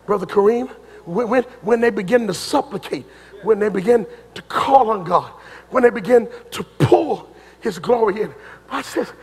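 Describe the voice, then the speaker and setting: A man preaching a fiery sermon in a church, chanting and shouting at the peaks and dropping low in between. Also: lively intonation, moderate pace, breathy edge, big-room sound. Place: church sanctuary.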